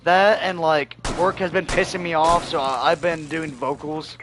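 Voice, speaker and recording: A man streaming a video game, chatting casually and telling rambling stories, his voice going hoarse. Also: a little high, steady tone, moderate pace, few pauses. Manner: loose rambling storytelling, laughs often, swears freely. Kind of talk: casual livestream chat while gaming.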